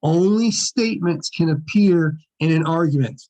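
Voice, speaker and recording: A man's voice: a little high, moderate pace, mellow, low-quality recording. A man teaching an introductory logic lecture in a conversational way, restarting and repeating himself for emphasis. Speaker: philosophy lecturer.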